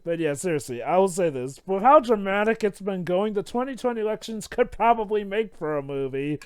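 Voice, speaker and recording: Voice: mid-range voice, lively intonation, a little fast, darkish tone, clear, resonant tone, dry recording, clean studio sound. A speaker doing jokey, casual group commentary while watching a movie. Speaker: commentary co-host.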